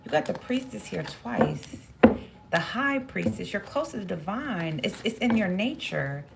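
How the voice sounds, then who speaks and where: A woman with a medium-pitched, creaky voice gives a spoken tarot reading, her pitch swinging widely as she speaks a little slowly over heavy background noise. She muses aloud and repeats phrases, talking to herself as she draws cards, and at moments she turns emotional.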